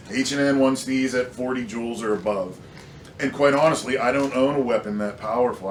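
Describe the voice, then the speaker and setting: Frustrated man in an echoey room. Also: mid-range voice. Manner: frustrated, emphatic, rambling with fillers. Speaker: airgun reviewer. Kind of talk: casual product review rant. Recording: echoey room, slightly distant mic, faint noise.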